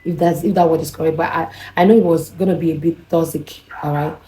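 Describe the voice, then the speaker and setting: Deep, mellow Nigerian woman telling a story. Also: fast, low-quality recording. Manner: rambling, animated, with restarts and quoted dialogue. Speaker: vlogger. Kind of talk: casual personal storytelling.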